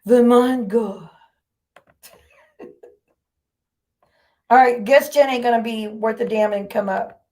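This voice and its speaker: Brief: woman stream host, fairly high voice, furious and profane, calling out her chat directly. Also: a little slow, long pauses. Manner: heated, profane, confrontational. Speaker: livestream host. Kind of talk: angry livestream rant.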